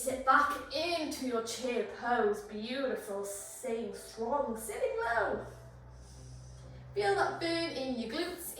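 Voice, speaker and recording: Woman yoga teacher, high voice, a bit breathless, encouraging cues; heard far off in a very echoey room over music. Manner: encouraging, cueing breath and poses. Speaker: yoga instructor. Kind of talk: guided yoga flow instruction.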